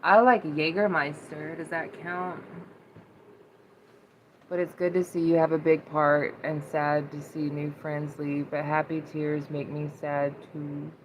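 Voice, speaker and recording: A young woman talks unhurriedly to her livestream viewers, answering their comments in a chatty, emotional way full of "like" fillers. Her voice sits a little low, and faint room ambience hums behind her on the phone or webcam recording. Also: level tone, a little slow, a little hiss or hum, low-quality recording. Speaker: livestream host. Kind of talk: casual livestream chat reading comments.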